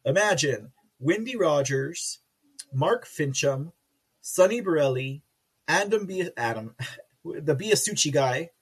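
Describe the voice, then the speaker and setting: A man's voice: fairly high pitch, lively intonation, slow, breathy edge. Giggly rambling livestream man. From Texas. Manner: giggly, rambling, self-mocking. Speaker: livestream host reading chat. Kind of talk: casual live commentary.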